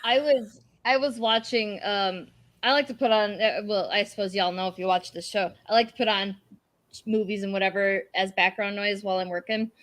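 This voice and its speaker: A woman hosting a casual podcast chat, animated, swearing and tripping over her words. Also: medium pitch, normal speed. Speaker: podcast host.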